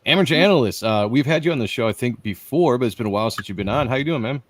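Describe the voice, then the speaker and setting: A man's voice: mid-range voice, expressive, very fast, no room sound. A man hosting a casual livestream panel, joking loosely as he welcomes each guest by name. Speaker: host.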